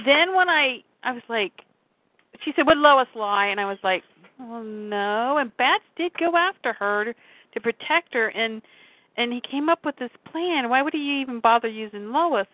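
A woman in casual conversation about comics, chatty and quick to laugh as she acts out what people said. Her voice sits a little high. The sound is dry and thin, like a phone line. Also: dry recording.

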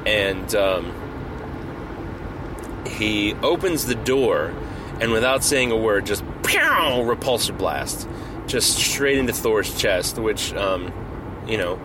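A man hosting a podcast, telling a comedic story in a rambling way full of fillers and restarts, over a steady background hum. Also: fairly low pitch. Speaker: podcast host.

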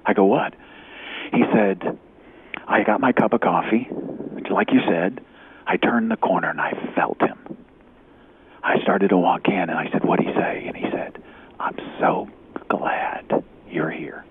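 A man, an executive recruiter, telling a faith story in an animated way, acting out the dialogue and dropping to a whisper at times. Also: low voice, moderate pace, long pauses, background noise. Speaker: executive recruiter, guest speaker. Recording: tinny phone-like radio audio.

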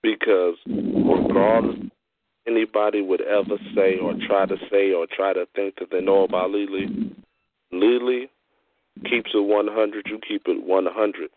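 Male host, low voice, effusive and repetitive, phone-line sound, dry. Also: flat delivery, a little slow, no echo. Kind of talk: casual chat.

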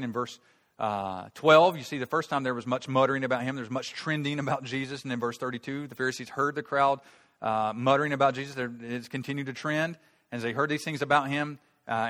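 A man preaching a sermon, shifting from quiet explaining to loud, emphatic outbursts, with frequent restarts and repeated words. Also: mid-range voice, in a large hall. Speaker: pastor.

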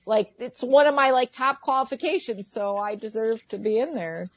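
A woman's voice: fairly high pitch, moderate pace. A woman in her thirties, a guest on a video call, chatting candidly and acting out her son's lines. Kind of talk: casual chat.

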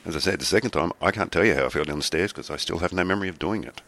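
A man's voice: deep voice, racing, creaky, fairly bright tone. An Australian man co-hosting a podcast, telling stories in an easygoing, rambling casual chat. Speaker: podcast co-host.

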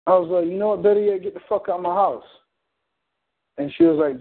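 A man's voice: sits high, animated, fast talker, gravelly. A man on a community call, telling a story in a blunt, heated, profane way. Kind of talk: casual storytelling. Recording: phone-like call audio.

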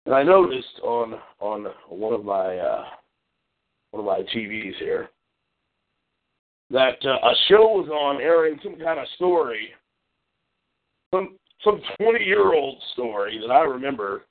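A man's voice: medium pitch, expressive, measured pace, pauses often. A man hosting a call-in show, delivering a brash, boastful and profane monologue. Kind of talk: solo call-in radio monologue. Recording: phone-like lo-fi call-in audio.

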